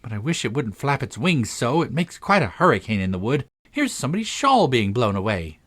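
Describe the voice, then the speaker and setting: A man's voice: medium pitch, very animated, brisk, fairly bright tone. A man voicing a curious, polite young girl in a storybook reading, raising his voice to sound earnest and inquisitive.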